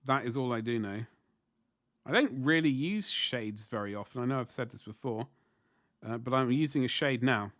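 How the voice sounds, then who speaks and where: A man's voice: mid-range voice, lively intonation, normal speed, a bit bright, no echo, clean studio sound. A man in his forties chatting casually on a livestream while painting miniatures, rambling and self-deprecating as he answers chat. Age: 40s.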